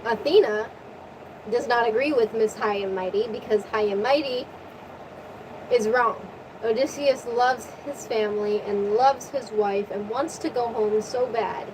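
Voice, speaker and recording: A woman retelling a story in a casual, profane, animated rant, her voice tiring from long talking. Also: on the high side, background noise. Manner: animated, profane, rapid recap. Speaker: vlogger.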